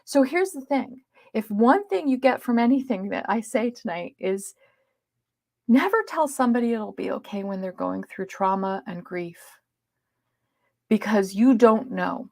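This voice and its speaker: A woman appearing as a podcast guest earnestly shares a personal story, shifting between loud emphasis and hushed asides. Her medium-pitched, gravelly voice is a little slow, captured in a dry, studio-quality recording.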